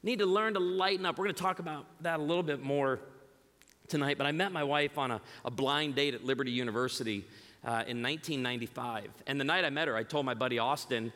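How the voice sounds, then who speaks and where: A man's voice: mid-range voice, fast. A middle-aged man from the Chicago area giving a humorous church message as a guest speaker, telling stories and acting out the voices of people in them. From Chicago area, United States. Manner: animated storytelling, acting out quoted voices. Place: large church auditorium. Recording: reverberant hall.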